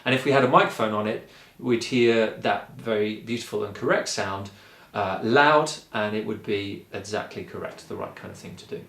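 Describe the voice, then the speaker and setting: A man giving a singing lesson, explaining calmly and encouragingly, step by step. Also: fairly low pitch, moderate pace, reverberant. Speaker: singing teacher. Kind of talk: vocal lesson.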